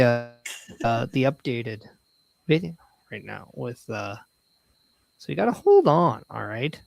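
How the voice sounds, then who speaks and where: A man co-hosting a live watch-along show, chatting casually, halting and restarting his words. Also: medium pitch, very animated, gravelly. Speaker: co-host.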